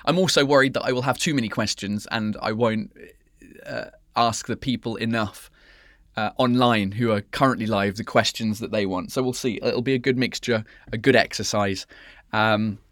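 Hosting a laid-back live-stream chat show, a comedian podcaster rambles with cheek, curses liberally and switches between English and French. He speaks at a moderate pace in a fairly low, steady, fairly bright voice. The studio-quality audio has no room sound.

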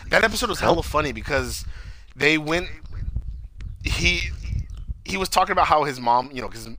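Brief: bright-voiced man, lively pitch, profane casual co-host. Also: normal speed, a little hiss or hum, rough recording. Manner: profane, excitable buddy banter. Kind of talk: casual chat.

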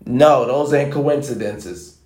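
A man's voice: medium pitch, slow pace, a little mellow, roomy sound. A man giving a blunt, emphatic motivational monologue, lecturing his listeners and repeating his points for emphasis. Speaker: motivational vlogger. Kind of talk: preachy monologue to the camera.

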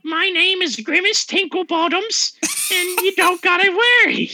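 A woman's voice: extremely high pitch, measured pace, background noise. A woman playing a brash scheming goblin. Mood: cheeky. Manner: brash, cheeky, crude jokes. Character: scheming male goblin con man.

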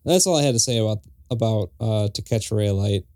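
A man's voice: fairly low pitch, no echo, studio quality. A man co-hosting a podcast, talking loosely and laughing easily about songs. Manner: relaxed, quick to laugh, loose phrasing. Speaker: podcast co-host. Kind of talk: casual music review chat.

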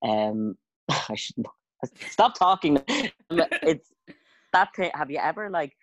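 A woman's voice: low voice, expressive, unhurried, dry recording. A woman chats casually, circling her point with lots of fillers and self-conscious asides. Her voice is recorded dry and close, with no room sound. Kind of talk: casual chat.

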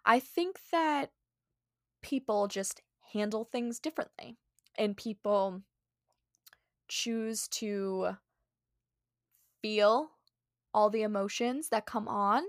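A woman's voice: medium pitch, slow pace, long pauses, no room sound. Young woman, podcast host; earnest, encouraging, chatty; dry close sound. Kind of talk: casual solo podcast talk.

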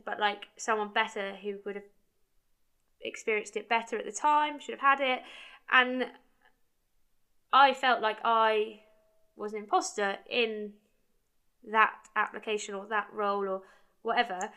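Girl in her 20s, kinda high bright voice, chatty, says like a lot. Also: clean tone. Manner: chatty, quotes her own dialogue, heavy use of "like". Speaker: brand founder. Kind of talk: casual storytelling monologue.

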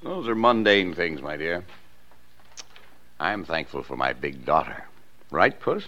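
An indulgent middle-aged father, deep, animated; dull lo-fi radio play. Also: unhurried, heavily acted. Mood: fond. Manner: fond, teasing. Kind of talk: 1950s radio drama acting. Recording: dull lo-fi old radio recording.

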